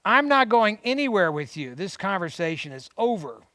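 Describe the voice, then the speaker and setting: A man reading aloud and voicing a middle-aged actress confronting her husband in sharp, accusing tones. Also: high-pitched, big pitch swings, normal speed, dry recording, studio quality, exaggerated voice. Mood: indignant.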